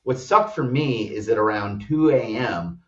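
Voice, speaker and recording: A man's voice: medium pitch, measured pace. An American man who co-founded a startup, telling a travel story as a guest in a loose, rambling way full of "like" fillers. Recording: roomy, distant, dull-sounding audio.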